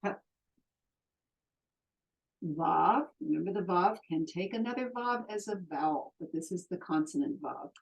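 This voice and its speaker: Woman, patient classroom teacher, lower voice, very measured pace, drills sounds one by one. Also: lively intonation, vocal fry, low-quality recording. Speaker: Hebrew teacher. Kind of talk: classroom lesson, reading out vowels and letters. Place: classroom with a board.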